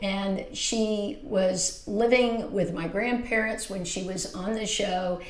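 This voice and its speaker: A woman's voice: medium pitch, fairly even intonation, slow. Gushy fifty-something woman doing a makeup livestream at home, chatty, bit of room echo. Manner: warm, gushing and chatty, with frequent exclamations. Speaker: beauty livestream host. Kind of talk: casual livestream chat reading viewer comments. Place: small home filming room under hot lights.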